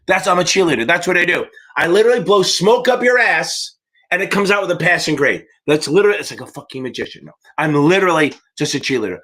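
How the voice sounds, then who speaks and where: A man hosts a livestreamed exam-prep Q&A, rambling off on tangents and swearing freely while he hypes up his students. His voice sits a bit high and swings widely in pitch. The tone is bright and forceful. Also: animated, a little fast. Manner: profane, rambling, hyped-up cheerleading. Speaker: exam prep tutor hosting a live Q&A. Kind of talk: livestream Q&A chat.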